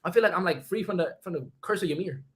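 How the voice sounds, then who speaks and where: A young man streaming casually, talking fast in heavy slang while answering chat questions. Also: sits high, a bit bright.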